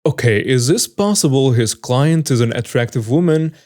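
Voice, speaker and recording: A man's voice: mid-range voice, lively intonation, moderate pace, dark tone. A man reading online stories aloud and adding wry, amused commentary of his own. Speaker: story narrator.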